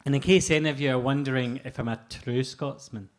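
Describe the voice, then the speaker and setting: A Scottish man comic doing a crude stand-up routine, laying out deadpan setups before his punchlines. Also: mid-range voice, fairly quick. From Scotland.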